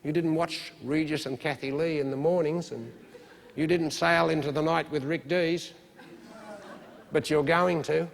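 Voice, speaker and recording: A man hosting a comedy show, giving a mock-dramatic monologue that swings from hushed menace to loud ranting. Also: fairly high pitch, fairly even intonation, a little slow, creaky, a little hiss or hum. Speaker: comedy host. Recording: long hall reverb with music behind.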